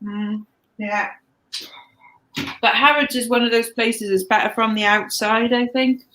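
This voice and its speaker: Woman friend, teasing tone, slightly high voice, light background noise. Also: steady tone, measured pace, a bit bright, rough recording. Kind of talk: casual chat.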